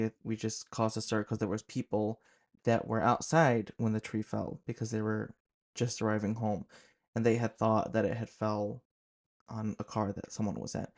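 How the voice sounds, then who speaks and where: A young man casually recounting a scary night in a vlog, with an animated, dramatic delivery and lots of "like". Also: lowish voice. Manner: animated, fillers of "like", dramatic retelling. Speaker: horror storyteller host.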